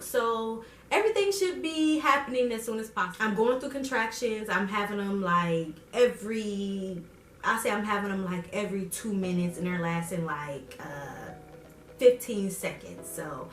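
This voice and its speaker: A young woman vlogger telling a story casually and animatedly, acting out what people said with big jumps in pitch. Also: fairly bright tone. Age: young adult. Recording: roomy echo, voice a bit far from mic, faint music.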